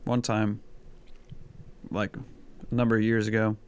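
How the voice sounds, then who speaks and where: A man's voice: lowish voice, flat delivery, slow pace, clear, resonant tone. A man chatting casually as a podcast co-host, telling stories in a rambling, hesitant way with lots of fillers. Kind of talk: casual chat.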